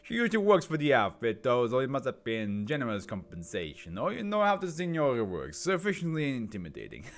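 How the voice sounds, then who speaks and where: A man's voice: medium pitch, huge pitch swings, a little fast, few pauses. A man voicing a cheery, sly male mobster with an Italian accent, polite and evasive. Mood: chipper.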